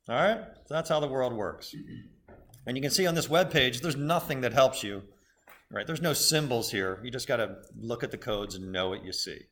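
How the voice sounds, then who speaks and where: A man teaching a business school class, with a voice of ordinary, middle pitch. He explains step by step in a conversational way and sometimes stops to correct himself. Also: lively intonation, normal speed, a bit bright, a little hiss or hum. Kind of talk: classroom lecture.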